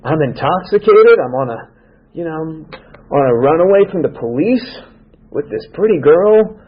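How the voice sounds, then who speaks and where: Husky-voiced man telling a wry story. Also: a little high, lively intonation, moderate pace. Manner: wry storyteller who acts out his own dialogue. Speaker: speaker at a recovery meeting. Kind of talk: humorous personal recovery story. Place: club meeting room. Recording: dull lo-fi meeting recording.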